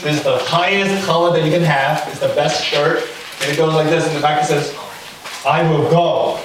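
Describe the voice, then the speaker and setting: Young pastor guy telling stories, kinda high voice, super echoey hall, mic a bit far off. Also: steady tone, normal speed. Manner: chatty, anecdotal, lots of fillers. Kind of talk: casual sermon storytelling. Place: church hall. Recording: very echoey room, far from the mic, faint noise.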